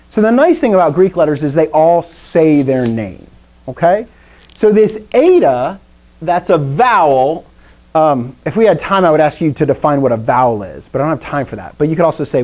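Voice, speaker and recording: Woman, chatty joking teacher on a video call, very lively pitch. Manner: lively, chatty, quizzes the class, jokes. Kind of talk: live classroom lesson.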